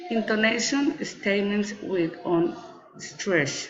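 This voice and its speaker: A woman reading English pronunciation drills slowly and carefully, word by word, as a student exercise. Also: mid-range voice, expressive, dull audio.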